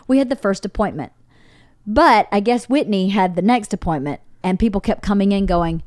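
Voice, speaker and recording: A middle-aged woman chatting on her podcast, full of lively storytelling energy. She acts out the people in her anecdotes and swears freely. The sound is close and dry, with no room around it. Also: medium pitch, a little fast, no echo. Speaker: podcast host. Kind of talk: casual chat, storytelling.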